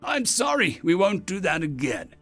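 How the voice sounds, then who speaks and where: A man playing a ruthless human fleet admiral who speaks with cold menace and raises his voice to shouting. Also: high-pitched, very animated, moderate pace, faint music behind, voice pushed up, full character voice. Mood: menacing.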